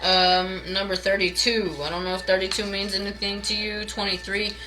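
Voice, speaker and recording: A woman's voice: mid-range voice, little pitch movement, normal speed, bright, forceful tone, faint music behind, poor audio. A woman reading tarot on a late-night live stream from her home, blunt, ranting and swearing, calling her viewers baby and y'all. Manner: blunt and heavily profane, ranting; calls viewers baby and y'all, greets chat by name.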